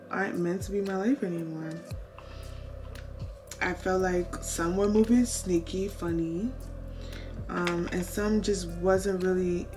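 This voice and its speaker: A woman in her twenties chatting to camera while doing her makeup, earnest and full of "like", giving faith-based advice to her viewers. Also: on the low side. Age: 20s. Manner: chatty and earnest, heavy use of "like"; faith-filled, advising viewers. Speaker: beauty vlogger. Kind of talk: casual chat to camera. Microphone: camera mic while doing makeup.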